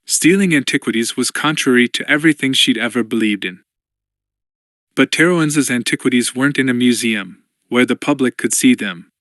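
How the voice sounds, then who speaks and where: Male audiobook narrator, mid-pitched voice, measured reading, dry close mic. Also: a bit bright, no echo. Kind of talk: scripted narration.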